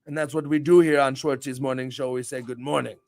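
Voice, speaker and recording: A man hosting a casual livestream chat show, upbeat and rambling, breaking into loud excited shout-outs to viewers. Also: medium pitch, fairly quick.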